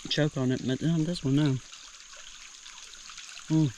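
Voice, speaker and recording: A hiker talks to a handheld camera in the woods, in a relaxed, rambling way, musing aloud about what comes up along the trail. The voice sits at a middling pitch. Faint insect noise hums behind it. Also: takes it slowly. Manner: rambling, chatty, thinking aloud. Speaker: hiker vlogger. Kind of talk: casual trail vlog narration. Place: outdoors in the woods by a creek.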